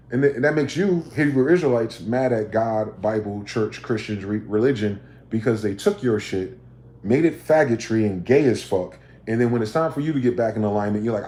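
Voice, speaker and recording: Animated and fairly quick, this man's ranting livestream monologue is full of swearing and aggressive rhetorical questions aimed at listeners. His dark, mellow mid-range voice echoes noticeably in the room.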